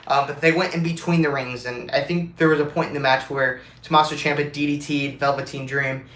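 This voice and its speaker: A young man talks in a casual fan vlog, rambling and excitable, full of ums and uhs. His voice sits a touch high and sounds a little stuffy from allergies. The room around him rings with echo. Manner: rambling, excitable, with many fillers. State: congested, with allergies and swollen mouth. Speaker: wrestling fan vlogger.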